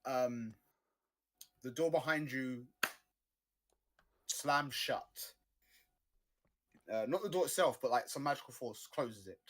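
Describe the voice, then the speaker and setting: A man's voice: medium pitch, slow, long pauses, a little hiss or hum. Easygoing man running a tabletop game. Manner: easygoing, improvised scene description. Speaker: game master.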